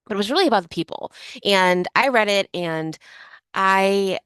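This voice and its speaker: A woman's voice: medium pitch, expressive, normal speed, fairly bright tone, clean tone, no room sound. A woman from Chicago co-hosting a podcast, chatting casually and rambling with lots of fillers. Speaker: podcast co-host. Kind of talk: casual chat.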